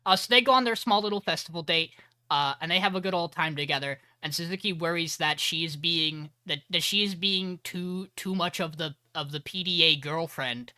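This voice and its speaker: A man's voice: a little high, moderate pace, pushed and bright, smooth, no echo. A man co-hosting a casual podcast, animatedly retelling an episode with laughs, swearing and acted-out lines. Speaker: podcast co-host recapping an episode.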